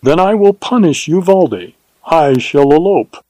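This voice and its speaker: A man voicing a proud, spirited young woman who speaks in a lively, imperious, teasing way. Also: fairly high pitch, measured pace, no echo, voice pushed up.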